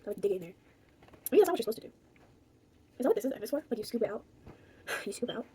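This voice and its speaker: A woman's voice: a little high, big pitch swings, very fast, mellow, a little hiss or hum. Chatty young woman, rambling to herself. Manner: rambling, talks to herself, jokey. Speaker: beauty vlogger. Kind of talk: casual makeup tutorial chat.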